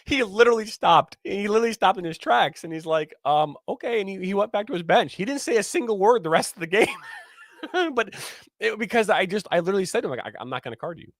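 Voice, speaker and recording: A man's voice: high-pitched, quick pace, no room sound. Guy chatting about reffing days, dry close mic, acts out the quotes, lots of restarts. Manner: animated storyteller acting out quotes, many restarts. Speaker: former soccer referee, podcast guest. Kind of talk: casual storytelling chat.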